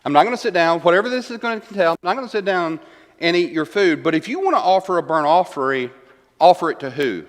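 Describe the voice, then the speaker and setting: A man's voice: a little high, lively intonation, fast. Man teaching Bible class in an echoey church room. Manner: conversational, asks rhetorical questions, tags lines with "right?"; paraphrases verses and repeats key lines for emphasis. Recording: reverberant church room, long echo.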